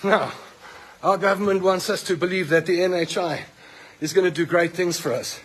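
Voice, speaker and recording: A man's voice: high-pitched, fairly even intonation, moderate pace, echoey room, in a large hall, slight background noise, low-quality recording. A middle-aged South African man, a hospital patient, angrily filming a rant on his phone in a ward. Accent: South African English. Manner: indignant, accusing, fired up. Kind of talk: angry phone video rant. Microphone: phone held by the speaker.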